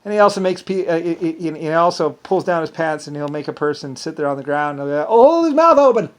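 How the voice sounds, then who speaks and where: A vlogger talks to the camera in a loose, rambling monologue, his voice sitting a little high for a man. He talks fast with little pitch movement, often restarting sentences and slipping into quoted asides.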